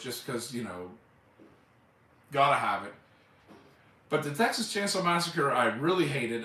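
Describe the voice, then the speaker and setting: Male streamer, chatty and rambling, sharp bright tone, roomy sound. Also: mid-range voice. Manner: rambling, enthusiastic, with loose swearing and fillers like "man". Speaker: live streamer. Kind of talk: casual chat. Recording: echoey room, mic at a distance.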